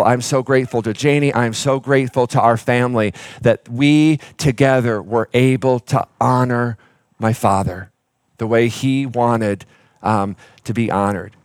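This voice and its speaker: A man's voice: medium pitch, no echo, studio quality. A middle-aged man preaching a sermon as pastor, telling a personal story with fillers and restarts.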